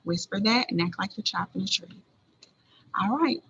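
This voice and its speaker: A woman teaching a recorded early-grade lesson, speaking deliberately and spelling words out letter by letter, on a dull lo-fi recording. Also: mid-range voice, gravelly, fairly bright tone, husky.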